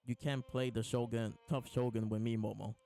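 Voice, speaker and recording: A man's voice: mid-range voice, flat delivery, moderate pace, vocal fry, dark tone, faint music behind. A man hosting a live reaction, reading lines aloud between laughs and restarts. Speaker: host reading and reacting to a comic chapter. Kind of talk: casual live reaction chat.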